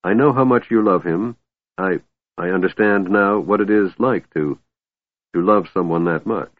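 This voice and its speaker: Sorrowful gentle elf lord, as a man puts him on. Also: low voice, moderate pace, dry recording. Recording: tinny phone-like band, dry.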